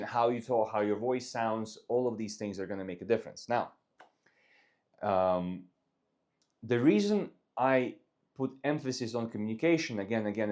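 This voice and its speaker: A man's voice: mid-range voice, darkish tone. A man giving casual dating advice, talking loosely through examples.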